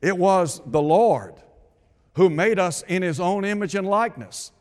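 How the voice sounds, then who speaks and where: A man's voice: high voice, lively intonation, unhurried, a little mellow. A man preaching a radio sermon, asking rhetorical questions and repeating his points for emphasis. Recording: long hall reverb.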